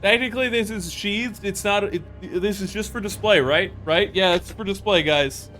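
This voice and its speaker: A man's voice: sits high, moderate pace, bright, forceful tone. A man streaming a video game live, chatting casually to himself and his viewers and swearing now and then. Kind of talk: casual live gameplay commentary. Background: game music.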